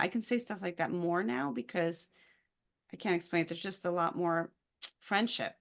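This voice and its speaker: Gravelly-voiced amused woman co-host. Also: on the low side, normal speed. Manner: expressive, amused storyteller. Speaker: podcast co-host. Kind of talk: casual conversation on parenting.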